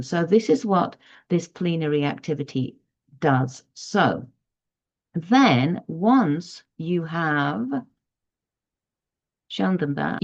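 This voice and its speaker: Woman, teacher explaining to parents, slow and deliberate, low-ish voice, dull lo-fi audio. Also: darkish tone. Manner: measured, explanatory, demonstrates reading aloud. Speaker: teacher giving parenting advice. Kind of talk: instructional talk to parents.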